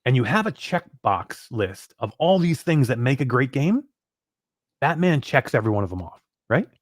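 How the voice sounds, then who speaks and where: A man hosting a gaming podcast from his home studio, chatting in a relaxed way with casual swearing. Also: medium pitch, normal speed, dry recording. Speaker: podcast host.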